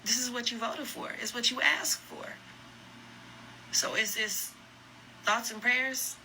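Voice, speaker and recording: A woman's voice: on the high side, steady tone, slow pace, bright, forceful tone, a little hiss or hum, poor audio. A woman giving sarcastic, laughing reaction commentary, scolding the viewer. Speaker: commentator reacting to a viral video.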